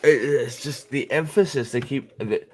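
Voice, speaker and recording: Podcast host, man, mid-pitched voice, animated, salty language, jeering impressions. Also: moderate pace, slight background noise. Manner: animated, swearing, mocking voices when quoting. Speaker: show host. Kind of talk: casual podcast chat.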